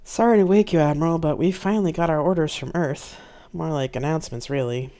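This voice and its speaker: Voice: medium pitch, a little fast, dark tone, lightly acted. An author reading their own novel aloud, voicing a blunt, profane male starship captain with a wry, matter-of-fact delivery. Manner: swearing, wry.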